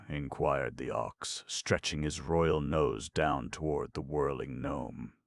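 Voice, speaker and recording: A man narrating an audiobook with steady storytelling. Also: extremely low pitch, takes it slowly, vocal fry, dry recording, clean studio sound. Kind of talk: scripted narration.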